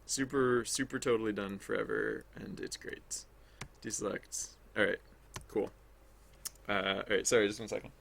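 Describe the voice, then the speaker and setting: A man's voice: fairly low pitch, steady tone, normal speed, vocal fry, fairly bright tone, slight background noise. A man streaming his game development work, chatting casually and rambling as he thinks aloud. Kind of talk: casual livestream commentary while working.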